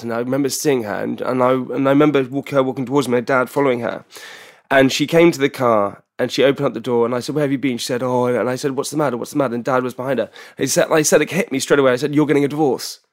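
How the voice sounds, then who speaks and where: A young man from England, a podcast guest telling a candid personal story in an energetic way, with many restarts and repetitions. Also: medium pitch, fast talker.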